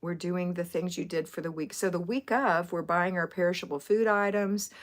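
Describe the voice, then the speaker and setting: A middle-aged woman from Florida hosts a homemaking livestream in a relaxed, rambling way. Her voice sits a little low for a woman. She chats casually and turns to answer viewers' comments. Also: moderate pace. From Florida, USA.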